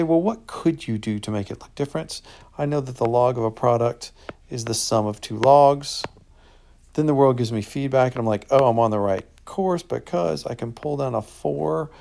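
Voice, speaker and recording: Male math teacher with some gravel in his voice, relaxed and upbeat as he explains worked solutions. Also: medium pitch. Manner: casual and upbeat, thinks out loud. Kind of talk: walking through an answer key.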